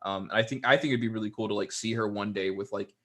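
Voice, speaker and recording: A young man with a fairly low voice talks in a loose, rambling way, leaning on fillers like "like" and "um." He co-hosts a casual chat show and tosses in mocking asides now and then. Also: fairly even intonation, fast talker. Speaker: podcast co-host.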